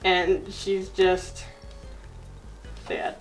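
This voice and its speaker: A woman's voice: medium pitch, rough recording. A young woman casually telling an improvised silly story, giggling and using lots of fillers. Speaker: co-host storyteller.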